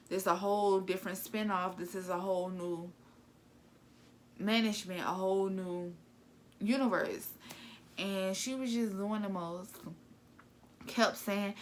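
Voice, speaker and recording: A woman in her twenties, a vlogger, casually retelling drama in a blunt, gossipy, animated way. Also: mid-range voice, slight background noise. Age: 20s. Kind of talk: casual storytelling vlog.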